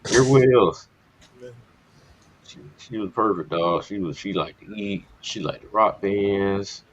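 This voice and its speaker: A man's voice: on the low side, a little slow, slight background noise. A man casually telling a candid personal story on a podcast, speaking bluntly with plenty of profanity. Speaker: podcast co-host. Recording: dull lo-fi podcast audio.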